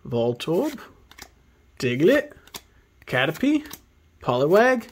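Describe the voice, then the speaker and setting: A man casually commenting while he opens trading card packs, excitable and often muttering card names half under his breath. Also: mid-range voice, a little slow, long pauses, breathy edge. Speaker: card opening channel host. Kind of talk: casual pack opening commentary.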